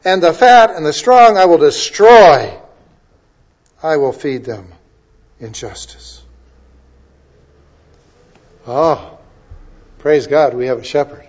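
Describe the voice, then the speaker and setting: A male pastor preaching a sermon and reading scripture aloud, building to loud, emphatic declaiming. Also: on the high side, a little slow, long pauses, muffled recording.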